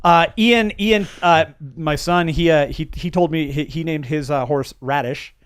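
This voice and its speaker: Middle-aged male co-host, casual game chat, higher pitch, rambling delivery. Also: unhurried, clean tone, no room sound, studio quality. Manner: rambling, many restarts and fillers. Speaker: podcast co-host. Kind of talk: casual chat about video games.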